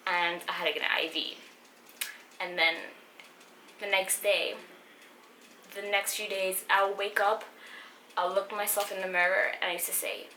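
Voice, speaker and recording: Young woman vlogger, bright and echoey. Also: on the low side, little pitch movement, normal speed, pauses often. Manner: rambling, emotional, many fillers and restarts. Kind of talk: personal story vlog. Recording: echoey room with faint background noise.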